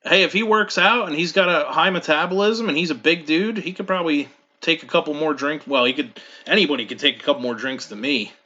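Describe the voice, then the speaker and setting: An easygoing man co-hosting a podcast, rambling with self-deprecating humor. His voice is bright and tense, and the recording sounds a little dull and lo-fi. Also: a little high, a little fast. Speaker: podcast co-host. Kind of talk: casual chat.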